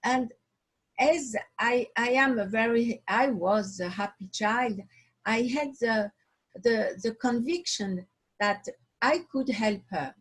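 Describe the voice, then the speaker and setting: A woman from Switzerland tells a personal story as an interview guest, speaking slowly and with many restarts as she hunts for the right word. Her voice is husky and sits a little high. It comes through a video call. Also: low-quality recording. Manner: halting, searching for words, restarts often. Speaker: watch designer, guest.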